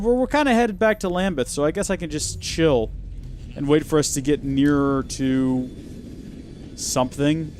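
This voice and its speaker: A man's voice: medium pitch, a little mellow, slight background noise. A man hosting a gaming video, giving chatty, wry and sarcastic commentary as he plays. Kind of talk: let's play commentary.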